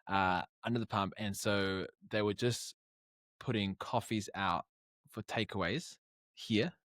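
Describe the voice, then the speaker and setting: A young New Zealand man guests on a podcast, telling stories in a casual chat and animatedly acting out the dialogue of the people in them. His voice is low-pitched, and the recording is dry with clean studio sound.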